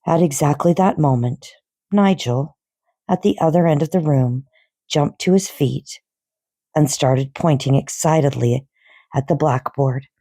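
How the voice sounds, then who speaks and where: A woman reading a novel aloud in an expressive, unhurried storybook manner. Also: low-pitched, no echo, studio quality.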